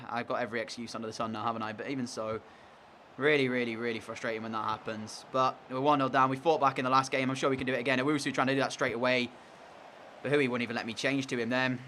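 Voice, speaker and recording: A man's voice: medium pitch, sharp tone, a little hiss or hum. A young man commentating on his own video game match in an exasperated, sarcastic way. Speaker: gaming commentator.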